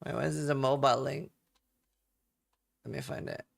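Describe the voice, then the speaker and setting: A man's voice: medium pitch, steady tone, moderate pace, vocal fry. A man from England chatting casually with viewers on a live stream, joking around.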